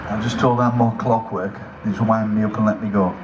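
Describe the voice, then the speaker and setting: A man's voice: lowish voice, level tone, brisk. A man making chatty announcements at an outdoor lakeside event, joking about himself between notices. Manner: chatty, self-mocking jokes between notices. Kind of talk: casual public announcements over a PA. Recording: echoey PA sound with outdoor noise.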